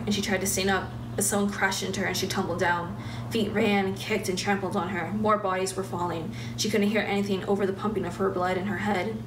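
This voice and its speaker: A woman reading her own fiction aloud at a steady pace with small restarts, in a roomy, distant recording with background noise. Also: mid-range voice. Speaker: graduating writer.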